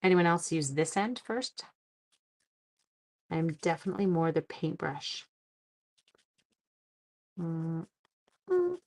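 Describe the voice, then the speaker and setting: Chatty Canadian woman, lowish voice. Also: animated, slow pace, pauses often, darkish tone. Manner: chatty, greets viewers by name, thinks aloud. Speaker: card-making livestream host. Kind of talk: casual live-stream chat while crafting.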